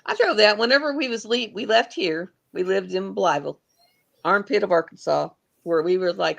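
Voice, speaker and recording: A woman's voice: medium pitch, moderate pace, creaky. A woman hosting a livestream, telling rambling, folksy stories in casual chat. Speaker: livestream host.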